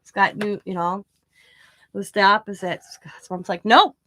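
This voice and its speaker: A woman hosting a craft channel, casually telling a rambling family story full of asides and lively retold dialogue. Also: mid-range voice, measured pace, slight background noise. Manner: rambling, chatty, full of "you know" asides; animated when retelling quoted dialogue.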